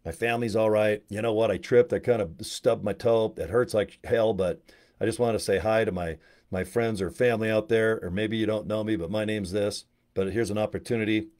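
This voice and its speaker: A middle-aged man with a fairly low voice talks straight to camera in a loose, salty sales pitch. He gets fired up, cursing and exclaiming, then drops into quieter asides. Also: a little fast. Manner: profane, excitable, swings between loud bursts and low asides. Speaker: network marketing promoter.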